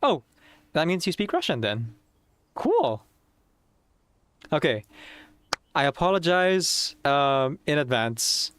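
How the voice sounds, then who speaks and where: Excitable, giggly man playing a game. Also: on the high side, slow pace, long pauses, no echo. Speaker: game streamer. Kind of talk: casual gameplay commentary.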